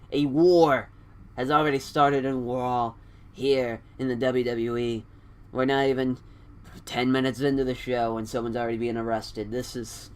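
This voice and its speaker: A man spinning a made-up wrestling story in a relaxed, rambling way, laughing at his own jokes. He talks slowly at a middle pitch. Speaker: fantasy wrestling show narrator. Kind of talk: casual storytelling.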